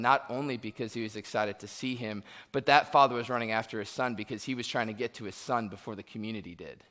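A man preaching a sermon, telling funny personal stories and acting out the quotes with lively energy. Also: mid-range voice. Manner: animated, humorous storytelling with acted-out quotes. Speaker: pastor. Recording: long hall reverb.

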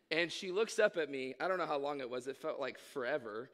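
A man's voice: fairly high pitch, lively intonation, brisk, sharp tone. A young adult man preaching a sermon, telling a story animatedly and acting out quotes, a bit under the weather. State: under the weather, occasional coughs. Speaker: pastor.

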